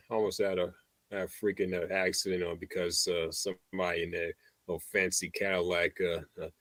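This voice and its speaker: Man, very deep voice, hesitant stop-start chat, dry sound. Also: little pitch movement, fairly bright tone, no echo. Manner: halting, many uh fillers and repeats. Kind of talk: casual chat.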